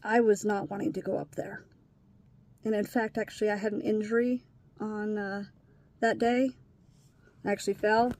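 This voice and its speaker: A woman's voice: mid-range voice, little pitch movement, normal speed, pauses often, a little mellow. A woman talking bluntly in a candid personal vlog, upset and emotionally worn, swearing casually. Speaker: vlogger.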